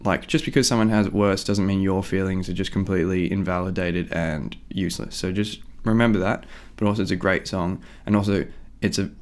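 Before launching into his cover, a young man chats in a loose, rambling way about the song, leaning heavily on "like" and "um." He has a deep, steady voice and talks fairly quickly with few pauses.

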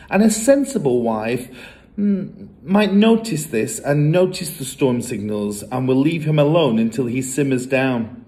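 A man reading a children's book aloud in an expressive, lively storytelling manner. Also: mid-range voice.

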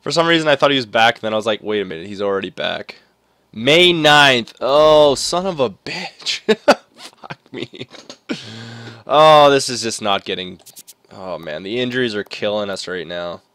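Excitable young man commentating a hockey game. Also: mid-range voice, normal speed, clean tone, no room sound. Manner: swings between groaning frustration and excited cheering. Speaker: gaming commentator. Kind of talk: casual let's-play commentary.

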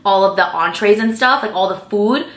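A woman's voice: medium pitch, normal speed, fairly bright tone. A young woman beauty vlogger answering viewer questions in casual chat, filling her speech with "like" and "um". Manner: chatty, fills speech with "like" and "um". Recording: echoey room with faint music.

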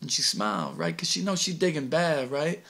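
A man's voice: fairly high pitch, sing-song, moderate pace, a bit bright. A man acting a cocky streetwise teenage delinquent in a stage monologue, boastful and slangy, recorded on a home video camera. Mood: swaggering. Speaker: actor in an audition monologue.

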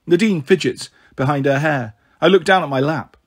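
A man reading a novel aloud in an expressive, lively storytelling manner. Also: a little high, moderate pace, few pauses.

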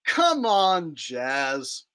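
Man, commentary host, slightly high, slow drawl, bright tone. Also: huge pitch swings, smooth. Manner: drawling, teasing, addresses viewers. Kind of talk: commentary on clips.

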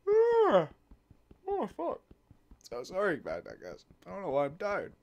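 A young man doing casual let's play commentary, talking to himself and swearing a lot, swinging from mumbles to loud outbursts. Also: sits high, huge pitch swings, measured pace, creaky. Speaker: gamer.

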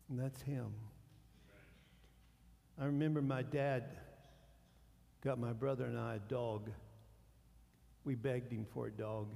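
A male pastor preaching a sermon, animated, swinging between hushed and loud. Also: mid-range voice, vocal fry. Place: church sanctuary. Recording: long church hall reverb.

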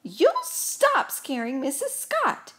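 A woman voicing a friendly, worried male ghost in a storybook read-aloud, calling out in a high, drawn-out voice. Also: big pitch swings, gravelly, heavily acted. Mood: commanding. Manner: high, loud and drawn-out calls. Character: friendly fretful male ghost, stern when pushed.

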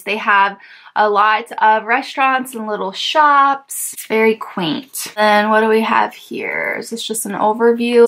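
A woman hosting a casual vlog as she opens mail, gushing and excitable with sudden squeals. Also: mid-range voice. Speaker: YouTube host.

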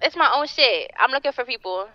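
High, lively woman on a dull, muffled call. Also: a little fast, no room sound. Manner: defensive, brushes off questions. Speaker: role-play player on a call. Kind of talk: casual in-character role-play chat.

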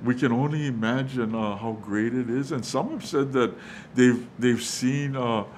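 A male pastor preaches a sermon at normal speed in a medium-pitched voice, with slight background noise. He sounds hesitant, using many fillers and restarts and calling his listeners "guys," and he quotes the angel in a hushed, reassuring tone.

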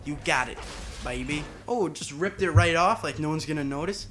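A man's voice: on the high side, moderate pace, fairly bright tone. A man talking casually over a video game, rambling and drifting onto side tangents. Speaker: gaming channel host. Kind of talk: casual gameplay commentary.

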